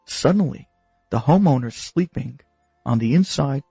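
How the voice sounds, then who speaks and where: Animated male storyteller, lively pitch. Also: vocal fry, slightly rough, no room sound, faint music behind, rough recording. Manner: dramatic, expressive pauses. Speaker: rabbi storyteller.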